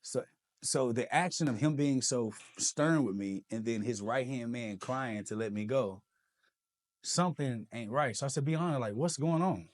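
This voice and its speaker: A man's voice: medium pitch, normal speed. A man, a podcast guest telling his own story with lots of energy and acting out the people in it. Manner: animated, acts out quoted dialogue. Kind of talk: personal storytelling.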